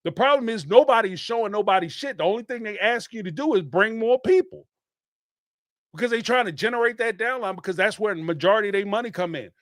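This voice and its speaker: A man, hosting a podcast and ranting in an animated, emphatic way, with some swearing and repeated phrases. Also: high-pitched, fast talker, no echo, studio quality. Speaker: podcast host. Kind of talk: casual commentary rant.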